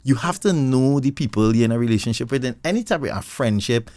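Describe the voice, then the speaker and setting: A man co-hosting a casual talk show, animated and laughing often as he makes his points. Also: mid-range voice, fast, no echo. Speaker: podcast co-host. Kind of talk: casual conversation.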